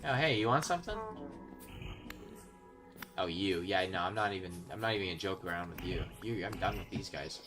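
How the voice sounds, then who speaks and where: A young man giving casual commentary while he plays a video game. He swings from quiet muttering to yelling when he is excited. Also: sits low, fairly quick, pauses often, music in the background. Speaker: gaming video host. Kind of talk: casual let's-play commentary.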